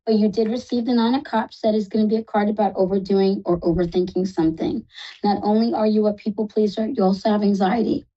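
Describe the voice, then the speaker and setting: A woman's voice: medium pitch, fairly even intonation, quick pace, dark tone, lo-fi sound. A woman reading tarot cards for a caller on a live call-in show, chatty and reassuring, calling the caller "love". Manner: reassuring, chatty, uses endearments. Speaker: psychic reader.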